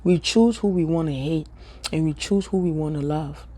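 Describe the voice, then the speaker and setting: A woman's voice: deep voice, moderate pace, mellow. A woman from Ghana with a Ghanaian accent, giving an emphatic, repetitive opinion rant straight at her viewers. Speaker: social media commentator. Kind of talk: direct-to-camera opinion rant.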